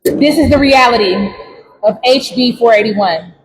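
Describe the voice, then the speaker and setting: A woman giving a public speech at a press conference as an organizer, talking emphatically and rising to shouts. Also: on the high side, measured pace. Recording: distant voice with long reverb.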